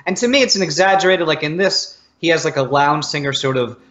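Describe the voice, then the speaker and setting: An American man with a bright, forceful voice, pitched a little high, chats casually about music. He is easygoing and repeats words as he starts each thought. The sound is dull and lo-fi. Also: fairly quick. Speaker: co-host.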